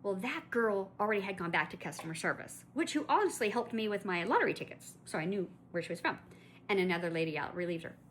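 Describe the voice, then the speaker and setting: Bright-voiced woman ranting through a story. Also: mid-range voice, expressive, quick pace, a little hiss or hum. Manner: chatty and indignant, with restarts and asides. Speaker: collector vlogger.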